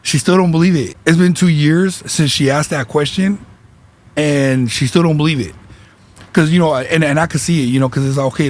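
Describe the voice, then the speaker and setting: A man's voice: fairly high pitch, normal speed, a little mellow. A man hosting a podcast, telling a casual story in slangy speech with Spanish words dropped in. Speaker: podcast host and spiritual reader.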